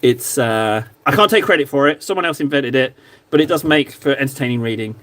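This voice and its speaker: A man casually chatting to his stream viewers while painting models, joking around and sometimes mock-shouting at them. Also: medium pitch, animated, brisk. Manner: playful, jokey, mock-shouts insults at viewers. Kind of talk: casual live-stream chat.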